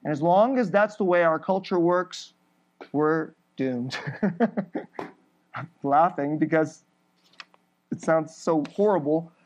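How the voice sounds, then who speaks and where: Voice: mid-range voice, measured pace. Emphatic preacher delivering a sermon. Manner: emphatic, with frequent short laughs between points; builds through repeated phrases.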